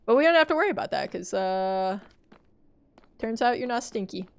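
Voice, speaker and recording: A young woman streaming a game live, talking to her chat in a panicky, excitable way. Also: a little high, moderate pace, smooth. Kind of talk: live gameplay commentary.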